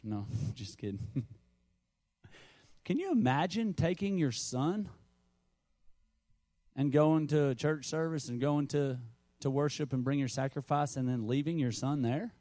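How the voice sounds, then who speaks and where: A man's voice: fairly high pitch, animated, measured pace, long pauses, mellow, no echo. Conversational preacher man, dry sound. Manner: conversational preaching, storytelling with asides. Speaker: pastor. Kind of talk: sermon.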